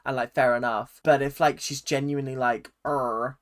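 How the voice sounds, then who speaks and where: This woman is hosting a reaction video and rants at the screen, swinging between fuming complaints and muttered asides. Her delivery is animated and exasperated throughout. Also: a bass voice, fairly quick. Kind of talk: ranting reaction commentary.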